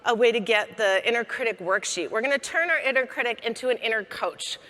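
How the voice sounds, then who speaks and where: A woman comedian and coach giving a lively, joking keynote talk to a conference audience. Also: on the high side, fairly quick. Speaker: keynote speaker. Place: large conference hall. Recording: long hall reverb.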